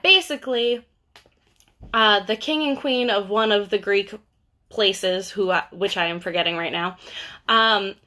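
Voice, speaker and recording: A woman's voice: medium pitch, unhurried, pushed and bright. A young woman, a bookseller, chatting casually about books on a livestream, full of fillers and asides. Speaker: bookseller hosting a book talk.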